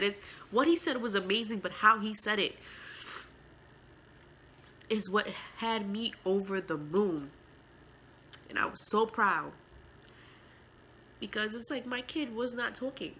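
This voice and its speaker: Mother telling her story to camera, heartfelt and emotional, bright voice, lots of fillers. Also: medium pitch, unhurried, pauses often, slight background noise, low-quality recording. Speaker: mother and vlogger. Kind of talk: casual storytelling vlog.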